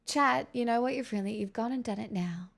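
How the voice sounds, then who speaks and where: A woman's voice: on the high side, fairly quick, creaky. A young woman livestreaming and chatting casually with her viewers in a playful, giggly, teasing way.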